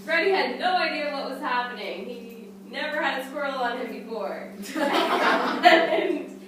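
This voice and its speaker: A woman narrates her turn of a group story at a slow, measured pace in a slightly high voice. The sound comes from a distance in a very echoey room with background noise. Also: lively intonation. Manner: measured narration, breaking into laughter. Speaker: workshop participant.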